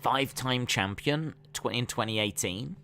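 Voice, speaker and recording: A man's voice: mid-range voice, normal speed, creaky, bright, forceful tone, slight background noise. A man hosting a live stream, chatting casually and calling the action play by play with plenty of fillers. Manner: chatty, rambling, trails off with fillers.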